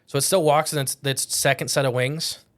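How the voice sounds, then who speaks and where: A man's voice: medium pitch, steady tone, brisk, fairly bright tone. A man co-hosting a casual podcast, talking in a rambling, jokey way and often correcting himself mid-sentence. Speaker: podcast co-host.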